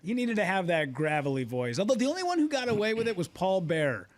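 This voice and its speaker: Brief: male radio co-host, high, lively voice, animated banter. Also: quick pace, no room sound. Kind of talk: casual radio talk.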